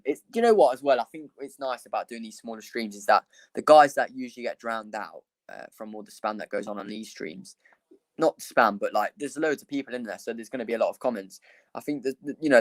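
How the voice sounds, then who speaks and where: A young man hosts a casual football watchalong stream. He talks in an easygoing, rambling way, thanking viewers and calling the play as it happens. His voice sits in an ordinary middle pitch. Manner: chatty, rambling, laughs often. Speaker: livestream host.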